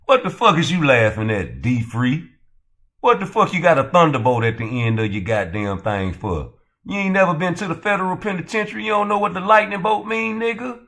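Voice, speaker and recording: Man, channel host, heated profane rant, mocking, bright tense tone. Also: high-pitched, animated, brisk. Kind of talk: heated roast commentary.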